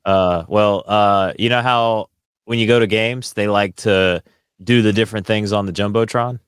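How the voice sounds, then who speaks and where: A man's voice: lowish voice, steady tone, moderate pace, clear, resonant tone, no room sound, studio quality. A man hosting a podcast in casual chat, with laid-back, rambling banter. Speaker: podcast host.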